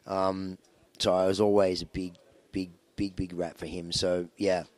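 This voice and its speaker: A man with a very low voice, chatting through an interview. He tells long rambling stories about his band, full of fillers and restarts. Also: flat delivery, unhurried, a little mellow. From Australia. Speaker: rock band musician interviewed. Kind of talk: casual interview storytelling.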